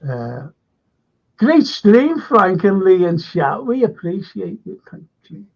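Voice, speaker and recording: A man's voice: sits high, big pitch swings, slow pace, gravelly. A man hosting a livestream, chatting and rambling as he reads out viewer comments, laughing often. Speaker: livestream host. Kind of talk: casual chat, reading out viewer comments. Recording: dull lo-fi stream audio.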